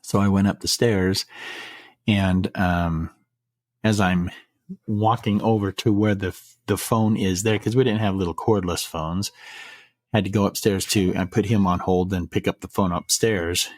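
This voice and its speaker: A middle-aged man with a deep, low voice tells a personal story on a podcast. He speaks earnestly and haltingly, often stopping to restart a phrase. The recording is dry and close, with no room sound. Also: fairly even intonation, dry recording. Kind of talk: casual storytelling.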